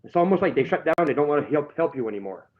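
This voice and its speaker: A man's voice: on the high side, lively intonation, racing, dull audio. A man rambling through a grievance in casual chat, swearing heavily. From Canada. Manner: rambling, heavily profane, aggrieved. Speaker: guest telling his story.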